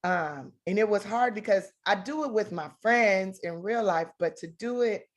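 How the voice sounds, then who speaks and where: Female actress guest, thirties, lively storyteller, mid-pitched voice. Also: moderate pace. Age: 30s. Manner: lively, acts out quoted exchanges. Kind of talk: talk show interview.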